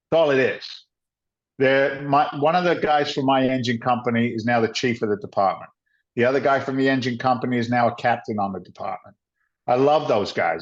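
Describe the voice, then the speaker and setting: A middle-aged man tells his story with animated energy and a blunt, salty edge, slipping in bits of other people's dialogue. His voice sits at a medium pitch. The audio is dull and lo-fi. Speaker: guest, former firefighter turned real estate investor. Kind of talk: conversational storytelling.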